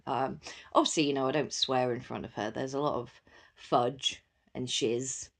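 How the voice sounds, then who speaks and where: A woman's voice: very deep voice, fairly even intonation, moderate pace, creaky. A young woman hosting a podcast, chatting casually with lots of fillers and frequent laughter. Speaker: podcast host. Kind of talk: casual solo chat.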